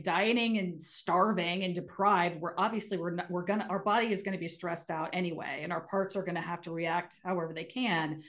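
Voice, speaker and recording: Middle-aged woman, earnest coach, casual podcast guest. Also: lowish voice. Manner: earnest, animated when making a point. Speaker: guest, emotional eating coach.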